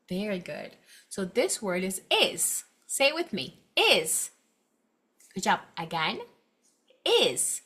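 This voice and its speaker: A young woman teacher reading a picture book aloud to children and leading a phonics lesson, with exaggerated, expressive delivery. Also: medium pitch. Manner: animated, exaggerated expression with gasps, slow clear delivery.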